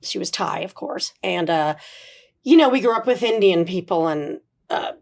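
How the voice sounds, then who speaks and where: A middle-aged woman, a voice actor, chatting in an interview and telling animated stories full of "you know" and "like". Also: fairly low pitch, normal speed, vocal fry. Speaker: voice actor guest. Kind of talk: casual interview chat.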